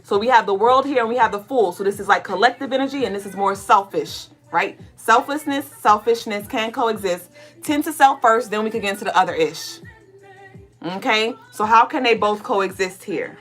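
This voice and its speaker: A woman's voice: medium pitch, normal speed, fairly bright tone, faint music behind. A middle-aged woman, co-hosting a spiritual podcast and giving a blunt, profane pep talk during a tarot reading. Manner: profane, preachy, playful, acts out listeners in mock voices.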